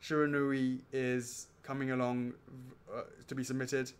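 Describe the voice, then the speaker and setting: A man's voice: medium pitch, little pitch movement, unhurried, smooth. A man hosting a casual question and answer chat, rambling and joking as he reads out questions. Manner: rambling, jokey, laughs often. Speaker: host.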